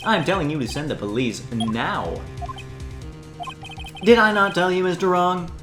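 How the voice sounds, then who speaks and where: A man voicing a pompous, scheming middle-aged male villain, haughty and theatrical with drawn-out words. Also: high voice. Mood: domineering. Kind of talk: fan voicing of a game playthrough. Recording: roomy echo, game music. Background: game music.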